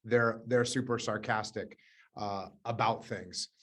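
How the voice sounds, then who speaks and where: A man's voice: lowish voice, fairly even intonation, slow, a bit bright. A man hosting a live leadership coaching session, telling stories in a direct, emphatic way and repeating key words.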